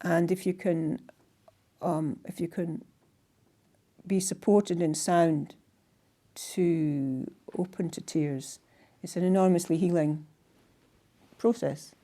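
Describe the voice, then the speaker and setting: An older woman with a Scottish accent, telling stories by the fireside in a gentle, halting way that often trails off to a hush. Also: on the low side, steady tone. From Scotland. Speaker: storyteller and singer. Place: indoors in a house by a fireside.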